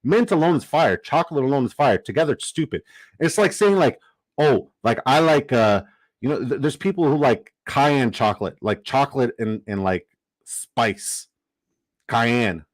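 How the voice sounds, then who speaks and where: A young man hosting a livestream in casual chat, profane, excitable and given to rambling asides. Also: mid-range voice, moderate pace, no echo. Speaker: livestream host.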